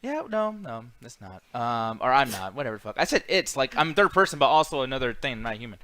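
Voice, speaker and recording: A man's voice: medium pitch, sing-song, brisk, bright, forceful tone. An American man hosting a podcast, rambling in casual chat with lots of swearing and fillers. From United States. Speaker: podcast host.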